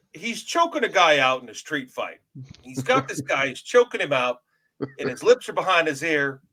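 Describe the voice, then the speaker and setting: Brash, bright-voiced man hosting a podcast. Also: on the high side. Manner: brash, loud, profane, self-described big personality. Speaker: podcast host. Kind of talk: casual podcast chat.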